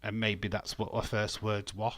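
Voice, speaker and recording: A man's voice: lowish voice, level tone, moderate pace, fairly bright tone, no room sound. A man hosting a watch-along stream, joking, laughing often and chatting with his viewers. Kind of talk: casual live commentary.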